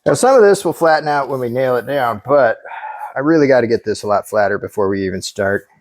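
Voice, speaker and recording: A man casually talking through his truck build in a workshop, relaxed and thinking aloud as he works. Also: mid-range voice, quick pace. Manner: relaxed and hands-on, thinking aloud while working. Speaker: car builder and channel host. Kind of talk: casual shop talk explaining a build.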